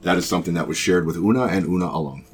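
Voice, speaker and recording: A man narrating as game master of a tabletop game, measured, with frequent ums. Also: deep voice, faint music behind.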